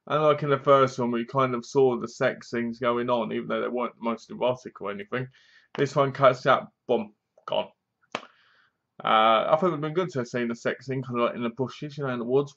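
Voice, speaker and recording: A man's voice: mid-range voice, steady tone, a little fast, vocal fry, a bit bright, lo-fi sound. Man giving a rambling, mocking movie review. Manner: rambling, acts out bits of scenes in funny voices; dry, mocking. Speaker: film reviewer. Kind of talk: casual spoken movie review.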